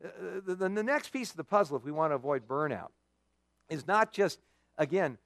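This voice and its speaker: A male pastor preaching a sermon, telling stories with lively dramatic emphasis. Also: fairly high pitch, fairly quick, vocal fry, no echo. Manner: animated storytelling with dramatic emphasis.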